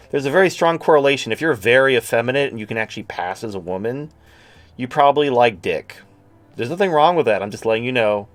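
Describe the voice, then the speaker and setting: A man hosting a livestream, talking in a crude, rambling, sarcastic way. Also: mid-range voice. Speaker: host. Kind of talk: casual livestream talk.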